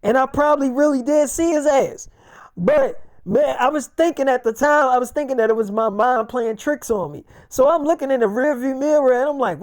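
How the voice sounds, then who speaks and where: A woman's voice: high-pitched, normal speed, darkish tone, no room sound, clean studio sound. A woman improvising a profane first-person story, speaking bluntly as a male character.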